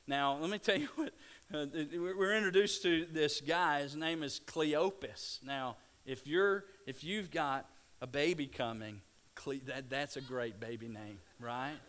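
Slow-paced animated male preacher. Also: fairly high pitch. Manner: animated storytelling, stammering restarts. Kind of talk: sermon.

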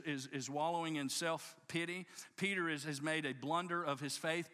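A man's voice: fairly high pitch, bright, forceful tone. A man preaching a sermon to his congregation, telling the story with passion and emphatic restarts. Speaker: pastor. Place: church service before a congregation.

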